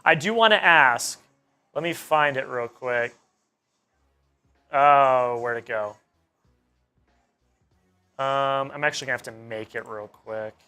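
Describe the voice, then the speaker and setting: A young man co-hosting a sports live stream, joking and teasing the chat in a casual, excitable way. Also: medium pitch, takes it slowly, long pauses, clean tone, soft background music.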